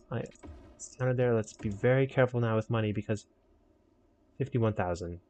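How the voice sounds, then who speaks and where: A man's voice: lowish voice, moderate pace, darkish tone. A young man giving casual, rambling commentary while building a city in a game, joking with himself and his viewers. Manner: rambling, self-mocking, talks to viewers. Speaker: streamer.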